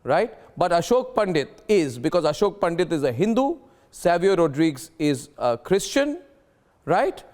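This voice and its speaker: A man's voice: a little high, big pitch swings, moderate pace, darkish tone. A man hosting a heated television debate, emphatic and repetitive as he talks over his guests. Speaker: news debate anchor.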